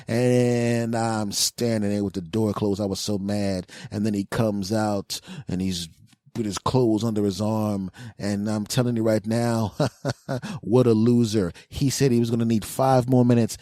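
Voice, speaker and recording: A male comedian telling a crude story on his podcast in an animated way, with a mellow, darker voice. The sound is close and dry, with no room around it. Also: fairly low pitch, no room sound.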